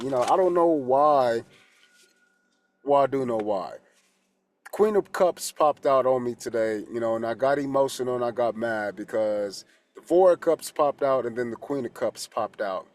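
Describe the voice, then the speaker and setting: A man's voice: mid-range voice, darkish tone. A man, a holistic coach and tarot reader, talking casually and candidly, rambling, swearing freely and restarting his sentences. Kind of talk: casual spoken reflection.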